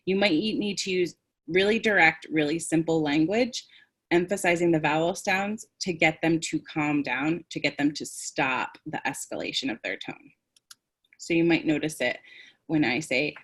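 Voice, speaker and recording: A woman's voice: low-pitched, fairly bright tone. A woman presenting a teaching webinar, demonstrative, acting out tones and phrases as she explains. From United States.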